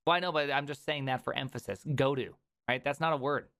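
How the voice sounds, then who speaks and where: A man's voice: medium pitch, fairly bright tone, clear, resonant tone. A man from South Dakota hosting a casual chat, teasing his guest and laughing often. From South Dakota, US Midwest. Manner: joking, quick laughs, teasing. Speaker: podcast host.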